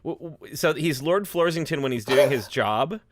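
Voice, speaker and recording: A man's voice: a little high, animated, moderate pace. A man hosting a casual livestream podcast over a video call, chatty, with frequent laughs and restarts.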